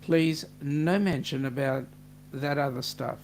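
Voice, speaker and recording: A man's voice: mid-range voice, a little slow, darkish tone. An Australian man hosting a casual live-stream chat, reading out viewer comments and greeting each by name. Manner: chatty, reads viewer comments aloud with g'days. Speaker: host.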